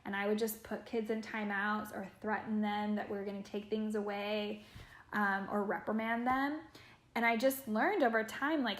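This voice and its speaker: Earnest woman in an echoey room. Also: medium pitch. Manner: earnest, reflective, says "like" often. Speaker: caregiver. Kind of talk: training talk.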